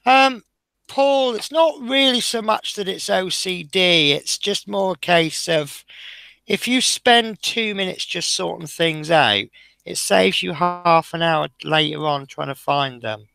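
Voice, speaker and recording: A man's voice: high-pitched, slow, gravelly, bright, forceful tone. A man hosting a live model-building stream, chatting casually and self-deprecatingly as he talks through each step, sounding tired.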